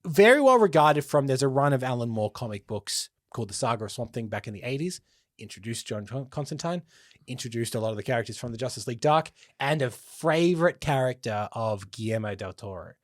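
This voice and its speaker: A man hosts a podcast in a casual, easygoing way. He explains things at a steady middle pitch and laughs along with his co-host. The sound is close-miked and dry. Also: brisk, dry recording. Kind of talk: casual chat.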